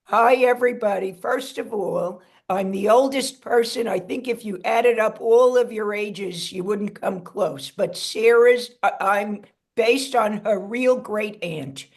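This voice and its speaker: A woman's voice: medium pitch, a little slow, hardly any pauses. A woman doing a rambling elderly great-aunt. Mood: doting. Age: older. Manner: rambling, folksy, full of asides. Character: elderly great-aunt, chatty and bewildered by technology. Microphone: video call.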